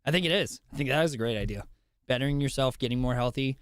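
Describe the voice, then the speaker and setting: A man's voice: medium pitch, quick pace, smooth, no room sound, clean studio sound. A man co-hosting a casual podcast who asks questions, jokes around and puts on voices now and then. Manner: joking and laughing, slips into put-on voices. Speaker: podcast co-host.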